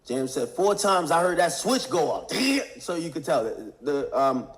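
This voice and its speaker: Animated man recapping a trial. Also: a little high, a little slow. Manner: animated slang-heavy retelling, acting out quotes. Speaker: commentator recapping court testimony. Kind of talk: casual commentary.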